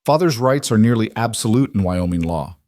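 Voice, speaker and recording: A worn-down rancher talks in a flat, beaten tone, played by the narrator himself. His voice stays low and close. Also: a little fast, no room sound, natural voice. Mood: defeated. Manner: flat, defeated. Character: struggling rancher, defeated and raw.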